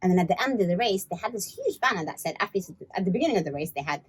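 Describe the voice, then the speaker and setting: A woman's voice: medium pitch, expressive, racing, husky. A woman, a podcast guest telling stories in a casual interview and animatedly acting out the people in them. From London.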